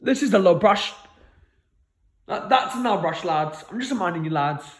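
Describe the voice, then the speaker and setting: High-voiced guy, rambling. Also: expressive, moderate pace. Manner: repeats "lads" in a low mutter, stammering restarts. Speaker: vlogger. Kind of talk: rambling solo monologue.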